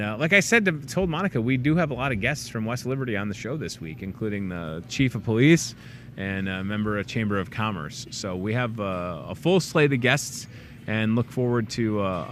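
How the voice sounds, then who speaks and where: A man hosting a local in-store talk show, chatting casually and rambling through plugs, jokes and shout-outs. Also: fairly low pitch, slight background noise. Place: grocery store.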